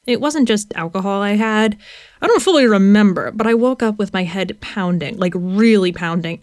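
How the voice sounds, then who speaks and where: A woman's voice: medium pitch, a little mellow, no echo, clean studio sound, close to an everyday voice. A woman reading as an obsessed storyteller. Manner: intense, rambling, wry. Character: young adult storyteller haunted by lizards. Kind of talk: first-person story reading, audio drama.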